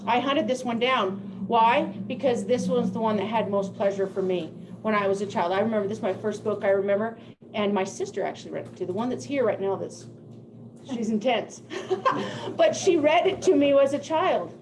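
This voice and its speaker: An older woman giving a presentation to teachers, telling classroom stories in a lively way and laughing often. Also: fairly high pitch, moderate pace, background noise. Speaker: teacher of deaf students. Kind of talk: presentation to educators.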